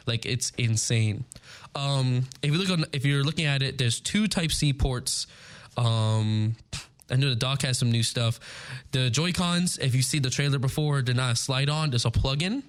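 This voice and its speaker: A young man hosting a show, chatting casually about gaming news, excitable and rambling, often stumbling over his words. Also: mid-range voice. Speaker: show host. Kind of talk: casual chat, news recap.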